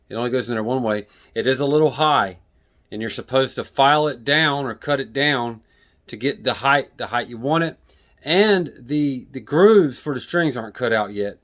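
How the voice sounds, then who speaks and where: A man's voice: medium pitch, fairly bright tone. A man making a casual guitar vlog, talking in a rambling, plainspoken and self-deprecating way while he shows parts and works with his hands. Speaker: guitar vlogger. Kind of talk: casual how-to video.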